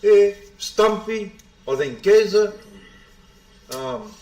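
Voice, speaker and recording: A relaxed New man calling a pool match in loose, chatty banter. His voice sits a bit high for a man and bounces around an echoey room. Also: very slow. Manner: relaxed banter, calls everyone bro. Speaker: pool commentator. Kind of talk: casual live commentary.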